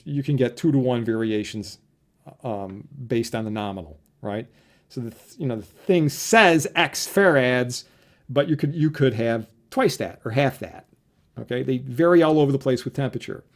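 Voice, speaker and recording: A male professor giving a relaxed lecture, explaining things conversationally and often checking in with a quick "right?". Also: medium pitch. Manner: conversational, tags points with "right?". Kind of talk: casual recorded lecture.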